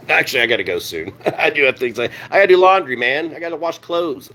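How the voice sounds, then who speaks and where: A man's voice: a little high, lively intonation, brisk, pushed and bright, a little hiss or hum. A man ranting on a live stream, heated and sarcastic, swearing constantly and answering his chat. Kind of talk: profane live-stream rant.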